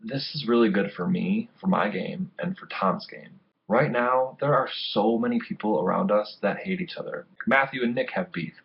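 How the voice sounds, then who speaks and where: A man's voice: fairly low pitch, normal speed, gravelly. A man in a game confessional, listing rivalries in a matter-of-fact way. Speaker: online reality game player. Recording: dull lo-fi audio.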